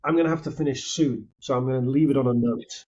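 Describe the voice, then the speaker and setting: A man's voice: mid-range voice, fast, a little mellow, slightly rough. A man who is a guest on a podcast, talking casually in a rambling way and often restarting his sentences. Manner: rambling, self-interrupting, hedging. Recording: dull lo-fi mic sound.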